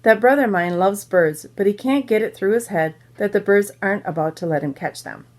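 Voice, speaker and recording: Woman reading a children's book aloud. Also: mid-range voice. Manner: pauses to explain to listeners.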